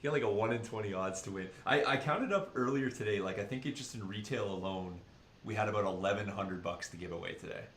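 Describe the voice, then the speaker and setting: A man's voice: fairly low pitch, quick pace, fairly bright tone, roomy sound, slight background noise. A man with an East Coast Canadian accent, co-hosting a livestream and joking as he reads the chat aloud. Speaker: co-host. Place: studio.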